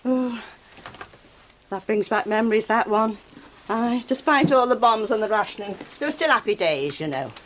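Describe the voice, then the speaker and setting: A chatty, nostalgic older woman, played by a woman. Her voice is a little high and moves up and down a lot. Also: animated, moderate pace, slight background noise, natural voice, poor audio.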